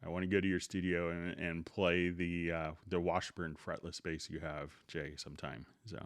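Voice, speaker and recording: A middle-aged man hosting a live software tutorial stream in a relaxed, unhurried way, greeting viewers by name before he demonstrates. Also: deep voice, no room sound, clean studio sound.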